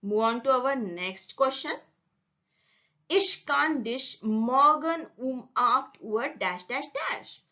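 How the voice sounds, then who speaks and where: A woman's voice: high voice, expressive, takes it slowly, pushed and bright, lo-fi sound. A woman teaching a German grammar lesson, explaining carefully and repeating example words so they can be drilled.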